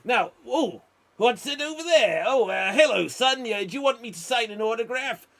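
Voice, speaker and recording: A man voicing a loud, excitable racing team boss in an improv scene. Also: high voice, moderate pace, vocal fry, heavily acted. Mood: boisterous.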